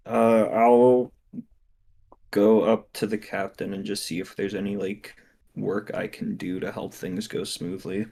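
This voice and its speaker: A man playing a tabletop game, speaking gently and politely as his character. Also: fairly low pitch, little pitch movement, unhurried, creaky, breathy edge. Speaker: player.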